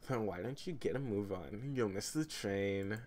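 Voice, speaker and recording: Smug teasing older sister, read by a man, slow drawl, low voice, game dialogue. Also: a little mellow, natural voice.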